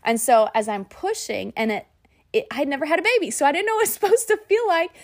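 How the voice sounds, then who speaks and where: Animated woman telling a story. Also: high-pitched, fast talker. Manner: animated, says "y'all", laughs often. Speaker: podcast host. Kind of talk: personal storytelling.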